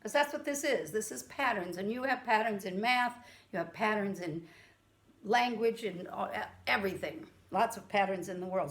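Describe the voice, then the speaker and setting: A woman's voice: medium pitch, animated. A woman teaching a music lesson to children over a camera, chanting rhythm syllables. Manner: counts and chants rhythm syllables, slow and patient. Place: room with a keyboard. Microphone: camera mic.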